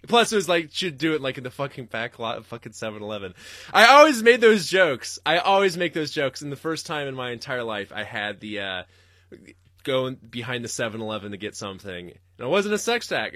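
A man's voice: mid-range voice, lively intonation, fast, a bit bright, no echo, studio quality. A young man hosting a podcast, ranting and rambling solo with lots of swearing and laughter. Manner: rambling, profane, laughing ranter. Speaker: podcast host.

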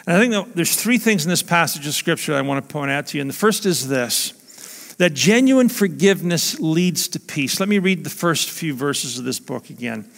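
A man's voice: fairly high pitch, expressive, fairly quick, gravelly, fairly bright tone, in a large hall. A man preaching a sermon as pastor, earnest and emphatic, repeating his key phrases.

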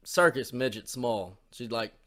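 A man co-hosting a podcast who rambles in casual, profane talk. His voice sits at an ordinary male pitch. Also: unhurried, a bit bright. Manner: crude, rambling, lots of swearing. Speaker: podcast co-host.

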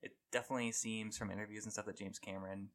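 A man hosting a film podcast in casual chat, talking in quick, self-correcting asides. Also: lowish voice, little pitch movement, fairly bright tone. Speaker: podcast host.

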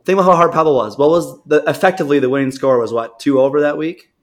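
A man's voice: fairly high pitch, quick pace. A man co-hosting a casual talk show, telling rambling stories and acting out the people in them. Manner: rambling storyteller, acts out quoted people. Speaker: podcast co-host. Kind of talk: casual chat.

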